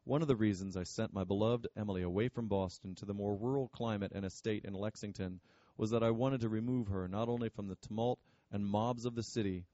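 A man reading as a stern, pompous father with a gruff, scornful edge, in a low voice. The tone is warm and mellow rather than bright. The recording is dry and a little dull. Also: steady tone, a little fast, dry recording, close to an everyday voice.

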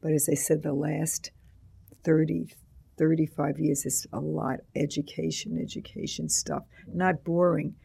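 A man's voice: fairly high pitch, fairly even intonation, unhurried, gravelly, dark tone, husky. An older man, an author and teacher being interviewed, rambling through anecdotes with many restarts and acted-out quotes.

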